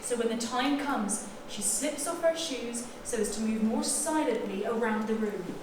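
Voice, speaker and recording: Woman doing a stagey young detective for a fringe comedy-mystery, high-ish, far mic, hall echo. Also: close to an everyday voice. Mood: explaining. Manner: theatrical, deliberate explaining. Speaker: amateur sleuth revealing the killer. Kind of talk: live stage acting. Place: small theatre on stage. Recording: echoey theatre from far, noise.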